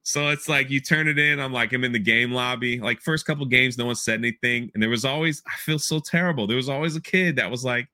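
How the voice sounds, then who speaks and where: A man hosting a podcast, chatting casually and telling animated stories, often breaking into laughter. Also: mid-range voice, fast, few pauses. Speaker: podcast host.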